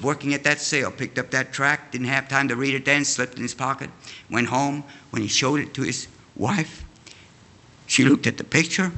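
A man's voice: mid-range voice, bright, forceful tone. Folksy older man preaching a testimony. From Amish community. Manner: folksy storytelling, addresses the congregation. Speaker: guest preacher. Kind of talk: sermon testimony. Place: church.

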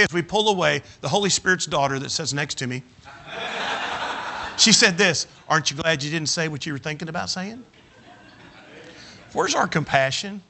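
Older preacher, folksy self-mocking storyteller, slightly high, sharp-toned voice. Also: male voice. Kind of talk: sermon with humorous personal anecdote.

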